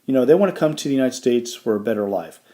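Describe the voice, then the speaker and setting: A man teaching a history lesson in a relaxed, conversational way, often checking in with his listeners. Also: medium pitch, quick pace. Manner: conversational, with frequent fillers and check-ins like "all right?". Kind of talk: classroom lecture.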